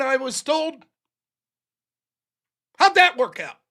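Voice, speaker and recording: Sharp in tone and very high-pitched, a livestream host's voice swings widely in pitch as he delivers a furious political rant at normal speed. He swears a lot and keeps throwing out rhetorical questions.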